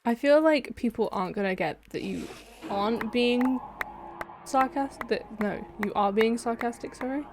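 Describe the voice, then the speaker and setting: A woman's voice: a little high, normal speed, a little mellow. Young woman streamer, casual rambling chat. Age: young adult. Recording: noisy stream audio.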